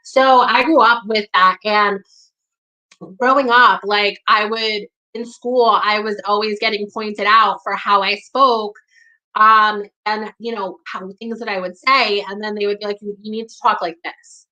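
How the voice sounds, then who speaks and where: A woman's voice: medium pitch, steady tone, unhurried, sharp tone, highs cut off. A woman with a New York accent talking candidly and bluntly to her audience, leaning on "like" and swearing when riled. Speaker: community talk host. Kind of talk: candid monologue to camera.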